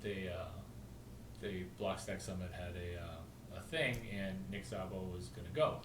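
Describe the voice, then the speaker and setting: A man's voice: low voice, measured pace, reverberant, distant mic, noisy background. Rambling man talking away from the mic. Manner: rambling, jumps between topics, spells out names. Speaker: video host. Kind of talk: rambling casual storytelling.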